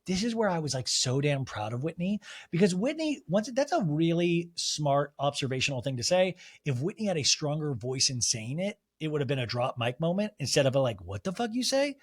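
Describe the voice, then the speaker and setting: Animated, profane man recapping TV. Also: fairly high pitch, fairly quick. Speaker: podcast host. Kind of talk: solo comedic TV recap.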